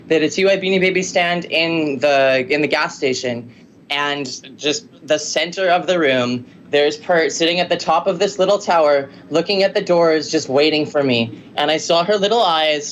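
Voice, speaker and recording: A man from Canada, a podcast guest, telling a story excitedly on a video call, with many fillers and frequent laughter. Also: on the high side, normal speed, dull audio, a little hiss or hum.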